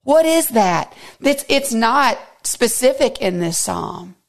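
A woman's voice: fairly high pitch, big pitch swings, takes it slowly, gravelly. A woman teaching a devotional Bible study, earnest and intimate, sometimes dropping to a near whisper for emphasis.

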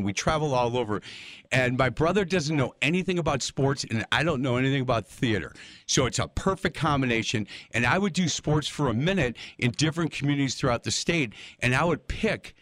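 An older man hosting a casual interview, telling stories in a folksy, animated way. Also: mid-range voice, a little fast, no room sound. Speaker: interview host.

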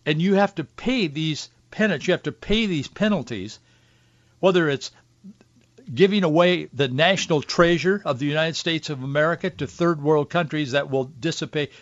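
A man's voice: on the high side, normal speed, no echo, dull audio. A man hosting a talk show, delivering an opinionated political commentary monologue with wry asides and restarts.

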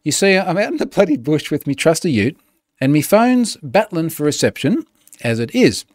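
A breezy, slang-slinging outback bloke with a broad Australian accent, his voice pushed a little higher than usual, as a man puts him on. He bounces around his pitch with plenty of lift, and the sound is close and dry. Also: big pitch swings, normal speed, no room sound. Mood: jovial. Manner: hammy slang-heavy outback banter.

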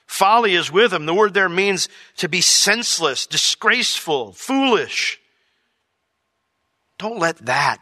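A man teaching a Bible study in a conversational way. He acts out imagined dialogues with lively voice changes and reads scripture in a lower, softer tone. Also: dry recording, clean studio sound, big-room sound.

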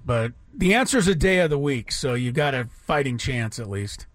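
A man's voice: medium pitch, lively intonation, normal speed, no room sound. A man co-hosting a sports radio show, chatty and encouraging toward callers. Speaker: radio co-host.

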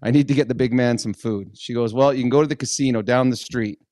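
A middle-aged man co-hosting a podcast, telling a story in a lively, animated way and loudly acting out the people he quotes. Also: medium pitch, fast, no echo, studio quality. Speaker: podcast co-host, former hockey player. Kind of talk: casual storytelling chat.

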